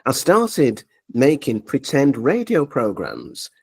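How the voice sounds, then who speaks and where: A man's voice: mid-range voice, takes it slowly, vocal fry, breathy edge. A man, a media coach telling his story in an interview and acting out the dialogue. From Leeds, England. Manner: animated storyteller, acts out quoted dialogue.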